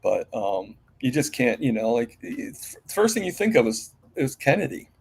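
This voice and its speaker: A man's voice: mid-range voice, sing-song, moderate pace, gravelly, a little hiss or hum. A man as an interview guest in a casual live-stream chat, rambling with many fillers and restarts.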